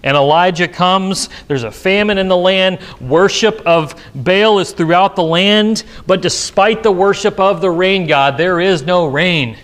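A man's voice: high voice, unhurried, few pauses, fairly bright tone. A pastor in a church sanctuary reading scripture aloud and then explaining it with emphasis in his sermon.

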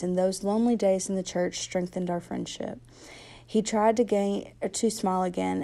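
A woman reading a novel aloud to a class in steady first-person narration, then pausing hesitantly to comment on it. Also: fairly low pitch, vocal fry.

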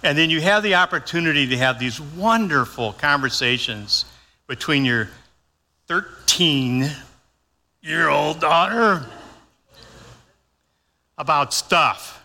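Older male pastor with a bright, slightly high voice, folksy and conversational, preaching in a church with long reverb. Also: lively intonation, slow pace, pauses often. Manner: folksy, conversational, acts out his own lines. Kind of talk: sermon.

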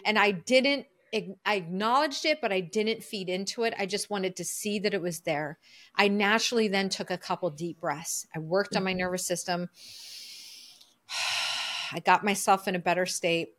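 Middle-aged woman, podcast guest, earnest storyteller, medium pitch. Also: normal speed. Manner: lively, earnest storyteller who acts out her own inner voice.

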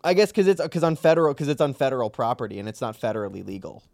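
Animated rambling podcast host, man. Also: medium pitch, very fast, vocal fry, no room sound. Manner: rambling, animated storytelling with laughs. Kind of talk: casual chat.

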